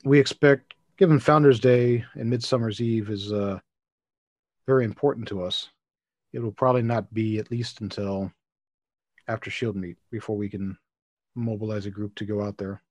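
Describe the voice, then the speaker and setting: A solemn elder who senses evil speaks in a low, grave, measured tone, as a game master puts him on. The sound is dry and close, with no room around it. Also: male voice, steady tone, darkish tone, no echo, close to an everyday voice.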